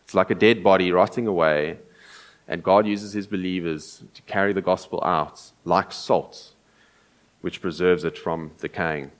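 A man preaching an earnest, explanatory sermon, often pausing and restarting as he thinks. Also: sits low, fairly even intonation.

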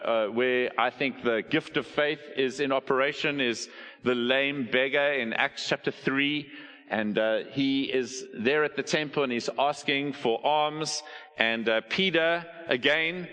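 A middle-aged male pastor, preaching with a bright, forceful voice. He tells stories with animation and asks the congregation questions, and his voice carries a long reverb from a large hall. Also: medium pitch. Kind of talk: sermon.

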